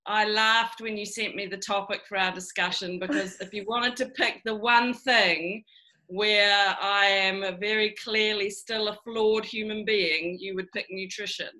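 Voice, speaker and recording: A woman's voice: mid-range voice, fairly even intonation, a little slow, bright, forceful tone. A woman from New Zealand with a New Zealand accent, talking candidly and self-deprecatingly as a guest on a casual video call. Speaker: guest author.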